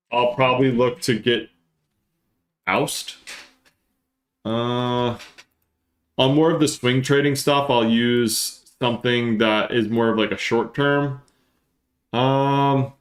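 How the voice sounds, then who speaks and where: A man hosts a live stream and reads through charts as he talks. He speaks fast and gets excited, working things out aloud. His mid-range voice carries some room echo. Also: mid-range voice. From northern New Jersey. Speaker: livestream host and market analyst.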